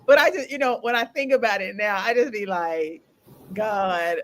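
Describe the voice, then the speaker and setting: A woman hosting a candid podcast conversation, telling her story in an animated, laughing way with casual slang. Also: a little high, fairly quick. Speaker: podcast host.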